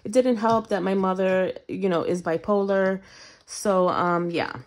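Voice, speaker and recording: A young adult woman tells a personal story to her viewers in a casual vlog. Her delivery is expressive and animated, and she keeps turning to the audience with a friendly "you guys". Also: medium pitch, a little slow. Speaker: budgeting vlogger.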